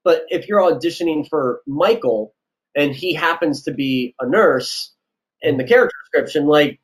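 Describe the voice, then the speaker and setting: A man's voice: fairly high pitch, expressive, moderate pace, poor audio. A man giving casual audition advice as a casting director, loose and chatty with lots of fillers. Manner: loose, chatty, lots of likes and you-knows.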